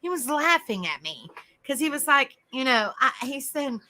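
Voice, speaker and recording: A woman hosting a livestream, chatting to viewers and telling a rambling, animated story. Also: sits high, normal speed, low-quality recording. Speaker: livestream host. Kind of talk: casual live-chat storytelling.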